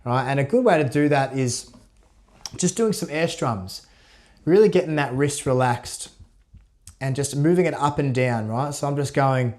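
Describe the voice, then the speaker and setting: Relaxed man teaching guitar. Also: a little high, normal speed. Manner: relaxed, demonstrates while playing, counts beats aloud. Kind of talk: casual instructional talk. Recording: loud guitar under voice. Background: guitar playing.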